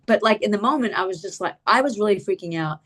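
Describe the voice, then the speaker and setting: A middle-aged woman telling a personal story as a guest in an interview, lively and animated, acting out quoted dialogue and using many "like" and "you know" fillers. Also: fast talker. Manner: animated, acts out quoted dialogue with big pitch jumps.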